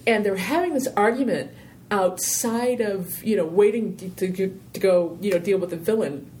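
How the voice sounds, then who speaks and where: A woman with a warm, mellow voice answers interview questions in a loose, rambling way, peppering her stories with "you know". She tells them with animated energy. A faint low rumble sits behind her. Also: moderate pace. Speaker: interview guest, filmmaker. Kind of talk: casual interview conversation.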